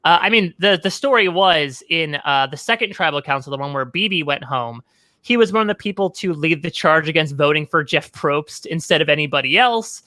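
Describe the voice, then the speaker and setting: Young man, articulate podcast guest, bright edgy tone, close dry mic. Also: on the high side, expressive, dry recording. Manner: quick, articulate, lots of "like". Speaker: podcast guest, reality TV writer. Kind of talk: casual podcast discussion.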